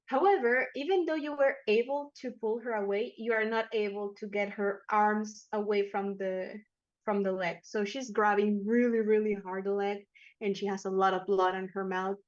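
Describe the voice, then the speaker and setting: A woman narrating a tabletop horror game as game master, talking casually with fillers and quick self-corrections. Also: mid-range voice, fairly even intonation, dull audio. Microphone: headphones and microphone.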